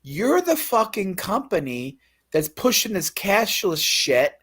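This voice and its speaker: A man's voice: high-pitched, sing-song, takes it slowly, a bit bright, slightly rough. Profane, ranting man telling a story. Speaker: guest telling his story. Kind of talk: casual chat.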